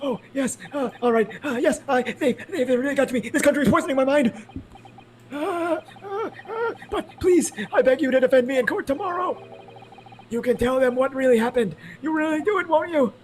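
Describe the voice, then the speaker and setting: A man's voice: very high-pitched, brisk. A man reading game dialogue aloud as a panicky young foreign student accused of murder, pleading and frantic. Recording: noisy home mic.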